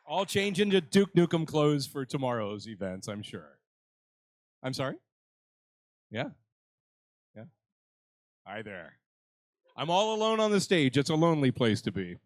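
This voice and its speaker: A man's voice: a little high, sing-song, normal speed, no room sound. An older man hosting a live convention panel, joking with the crowd and mocking himself. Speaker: panel host. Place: convention stage.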